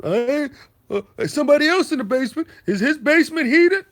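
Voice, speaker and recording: A whiny grown man, as mimicked by a male streamer, complains in a high, loud, strained voice. He sounds defensive and petty, with each complaint rising in pitch. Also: animated, brisk, exaggerated voice. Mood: whiny mocking. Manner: whining, high-pitched mockery.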